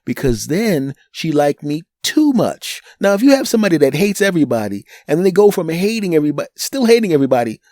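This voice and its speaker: A man's voice: fairly high pitch, fast talker, hardly any pauses, dry recording, studio quality. A man with a Northeastern US accent hosting a solo podcast, telling a story animatedly and acting out the people in it. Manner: animated, acts out quoted people. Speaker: podcast host.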